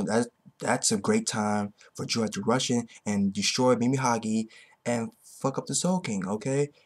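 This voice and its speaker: A man ranting excitedly about a manga chapter, swearing constantly and repeating himself. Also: medium pitch. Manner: excitable, heavily profane, repetitive. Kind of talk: ranting reaction commentary.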